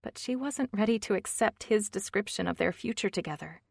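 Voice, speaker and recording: A woman narrating an audiobook in an even, measured reading. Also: mid-range voice, vocal fry, breathy edge, dry recording, clean studio sound. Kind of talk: scripted narration.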